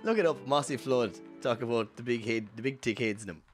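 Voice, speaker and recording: A man's voice: mid-range voice, brisk, soft background music. An Irish man giving casual, rambling speedrun commentary over gameplay, full of fillers and self-corrections. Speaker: streamer.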